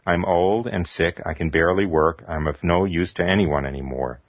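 A man reading the lines of a serene older male priest, speaking quietly and gently. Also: sits low, normal speed, no room sound. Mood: calm. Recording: dull lo-fi recording.

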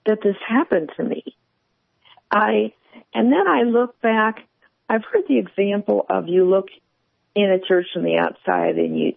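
A woman calling in to tell her faith story in an earnest, halting way. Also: on the low side, creaky, slightly rough, no echo. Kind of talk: personal faith testimony. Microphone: phone. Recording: tinny phone line.

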